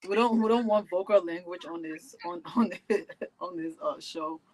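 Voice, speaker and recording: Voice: mid-range voice, moderate pace, darkish tone, poor audio. A person in the studio, teasing and laughing between words.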